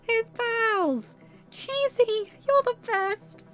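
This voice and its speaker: A woman's voice: highs cut off, faint music behind. A woman voicing a frantic young pony mare who wails and squeals. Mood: excited. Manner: shrill, wailing and fast.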